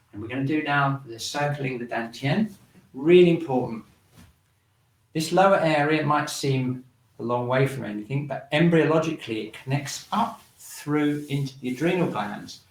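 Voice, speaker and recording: A man teaching a shiatsu breathing and movement class, guiding the listener calmly through each step. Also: medium pitch. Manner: calm instructive, guiding along with the movements. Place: room in a shiatsu centre. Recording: roomy sound, mic at a distance.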